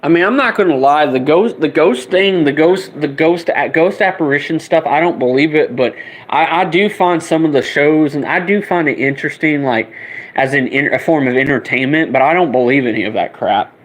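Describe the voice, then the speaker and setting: A man's voice: a little high, moderate pace, poor audio. A man on a live stream with a casual, profane rant. He talks in an exasperated way, repeating himself and starting his sentences over. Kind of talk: casual ranting monologue.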